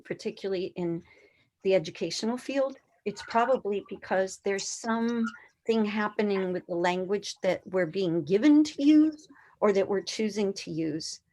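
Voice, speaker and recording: A woman's voice: medium pitch, normal speed, darkish tone. Female presenter, 60s, non-native English speaker, earnest and emphatic conference talk, mid-range voice. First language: a language other than English. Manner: earnest, emphatic, poses rhetorical questions. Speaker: educator presenting a conference session.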